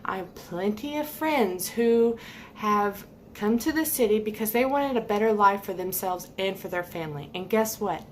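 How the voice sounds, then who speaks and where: A woman's voice: medium pitch, expressive, normal speed, slight background noise. A woman giving a heated, emphatic opinion rant to camera, repeating points for stress. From United States. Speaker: vlogger.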